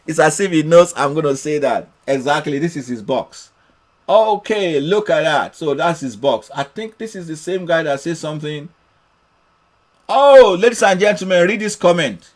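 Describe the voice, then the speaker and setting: Guy running a live trading class, kinda high voice, cheers on viewers, says things twice. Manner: encouraging, reads viewer comments aloud, repeats phrases. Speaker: trading mentor. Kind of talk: live-streamed trading session.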